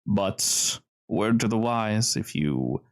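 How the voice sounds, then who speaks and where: A man voicing a tall, distinguished, guarded gentleman who speaks smoothly and calmly. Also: lowish voice. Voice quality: smooth, velvety. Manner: calm, measured, cagey.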